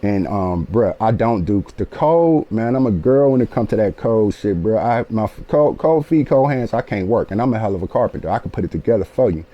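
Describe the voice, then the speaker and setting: A man in his late forties telling a personal story in an animated, profane way, often checking in with his listeners. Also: lowish voice, brisk, few pauses, muffled recording. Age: 40s. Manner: animated, profane, keeps asking "you feel me". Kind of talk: casual storytelling.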